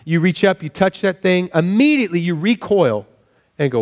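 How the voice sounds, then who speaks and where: A man preaching a sermon in a conversational, animated way, often asking the congregation rhetorical questions. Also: on the high side, brisk. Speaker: pastor.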